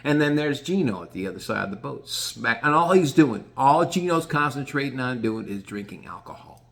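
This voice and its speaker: A man's voice: medium pitch, expressive, normal speed, vocal fry, fairly bright tone. A man casually telling a rambling, profane story, often restarting his sentences.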